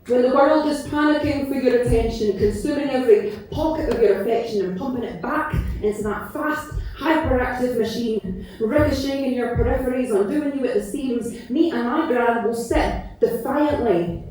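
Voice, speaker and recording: A woman with a bright, high voice performs spoken word poetry live, landing each phrase with rhythmic emphasis. She is heard from far back in a big, echoing concert venue, with music behind her. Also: normal speed. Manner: rhythmic, emphatic poetic delivery.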